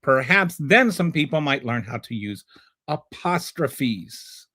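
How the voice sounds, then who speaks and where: A man's voice: mid-range voice, sing-song, slow pace, pushed and bright. A man hosting a livestream who gives political commentary and answers live chat in a sarcastic, combative way, often rambling and restarting. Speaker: livestream show host.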